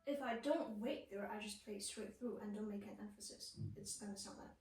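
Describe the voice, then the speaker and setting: A woman's voice: mid-range voice, brisk, a little mellow. A woman teaching a one-on-one piano lesson, patiently asking her student questions and checking they follow. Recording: roomy, from a distance. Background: piano playing.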